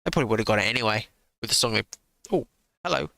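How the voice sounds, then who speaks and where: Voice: medium pitch, lively intonation, racing, creaky, sharp tone, dry recording. A streamer giving sarcastic live reaction commentary into a close desk mic, swearing freely.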